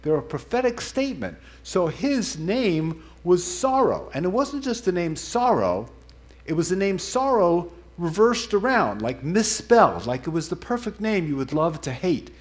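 A man preaching a conversational sermon, animated and digressive, often correcting himself mid-sentence. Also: high voice, measured pace.

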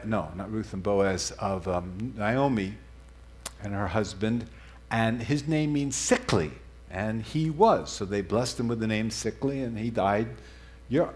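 A man preaching a conversational sermon, animated and digressive, often correcting himself mid-sentence. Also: fairly low pitch.

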